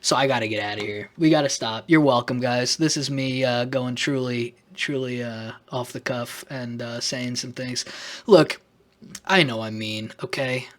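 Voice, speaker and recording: A man's voice: mid-range voice, fairly even intonation, normal speed, a bit bright. A man making an off-the-cuff vlog, talking sarcastically and rambling, with self-conscious asides. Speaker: YouTuber.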